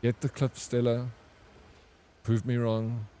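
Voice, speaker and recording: A man's voice: medium pitch, monotone, slow pace, mellow, slight background noise. A man streaming a game who reads out viewer messages and answers them in playful, teasing banter. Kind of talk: livestream chat with viewers.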